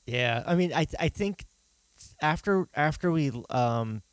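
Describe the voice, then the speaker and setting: A man hosting a casual chat, talking in a relaxed, rambling way with many fillers. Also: a little high, a little slow, clean tone, no echo.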